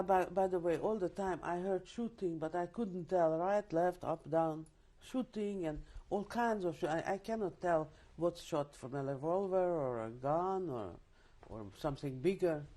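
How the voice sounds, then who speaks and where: Older woman, interview testimony, lively storytelling, dark mellow timbre. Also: on the low side. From Czechoslovakia. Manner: vivid storytelling with restarts and asides. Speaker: interviewee, Holocaust survivor. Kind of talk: oral history testimony.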